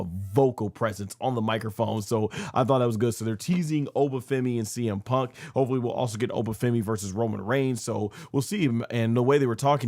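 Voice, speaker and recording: A man's voice: medium pitch, darkish tone, no echo, studio quality. A man hosting a review channel, giving a casual, rambling spoken recap and often correcting himself mid-sentence. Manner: rambling, self-correcting storyteller. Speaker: wrestling review channel host.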